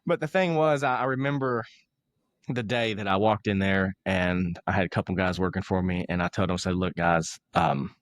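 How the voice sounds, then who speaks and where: A young man, a guest on an interview podcast, telling a story in a relaxed, self-mocking way and acting out other people's lines. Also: low-pitched, normal speed, no echo. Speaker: motivational speaker, podcast guest.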